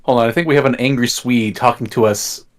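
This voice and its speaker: Man, casual chat, blunt, swears, mid pitch. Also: steady tone, fairly quick.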